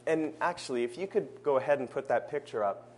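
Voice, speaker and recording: A man preaching a sermon in a church service, earnest, slowing down to stress his key phrases. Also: medium pitch.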